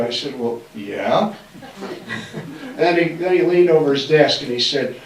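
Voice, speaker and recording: A man's voice: on the high side, lively intonation, moderate pace. Joking older man telling stories. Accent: faint Massachusetts. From Massachusetts. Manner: folksy, joking, acts out quoted voices. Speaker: speaker giving a talk. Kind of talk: storytelling lecture. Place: library auditorium. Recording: roomy hall, distant mic.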